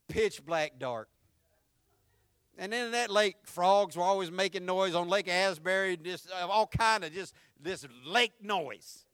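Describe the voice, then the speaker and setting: Bright, high-voiced preacher man. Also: moderate pace, smooth, dry recording, clean studio sound. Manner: animated storytelling, swinging from loud punchy lines to hushed tender ones. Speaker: pastor. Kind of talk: sermon.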